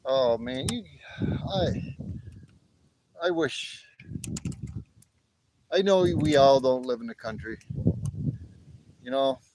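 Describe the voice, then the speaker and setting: A medium-pitched, expressive man talks slowly and pauses often over a noisy background while hosting a casual night livestream from his backyard fire pit. Captured on a tripod camera, he's cheerful and chatty, greeting viewers by name and frequently laughing.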